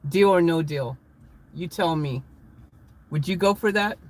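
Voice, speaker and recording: A man chatting casually with viewers in a live vlog, laughing and getting excited, recorded in a van. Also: a little high, unhurried. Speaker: vlogger.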